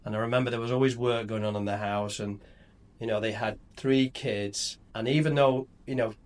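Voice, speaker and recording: A man's voice: medium pitch, moderate pace. A middle-aged man, a company founder chatting casually on a podcast, rambling and telling stories with many restarts. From England. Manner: relaxed, rambling storyteller with restarts.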